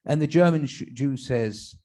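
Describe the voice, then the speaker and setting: A man, a rabbi, telling jokes at a tribute event in a synagogue, pausing with fillers and restarts and slipping into German and Yiddish phrases for his characters. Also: medium pitch, dark tone. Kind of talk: stand-up joke telling at a tribute.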